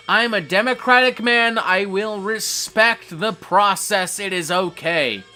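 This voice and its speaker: A man's voice: a little high, sharp tone. A man hosting a casual livestream, reading chat messages aloud and reacting with frequent swearing.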